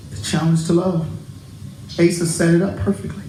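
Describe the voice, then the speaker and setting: Male pastor, high voice, animated sermon, roomy church echo. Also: a little fast, slight background noise. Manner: animated, laughing, addresses congregation directly. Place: church sanctuary.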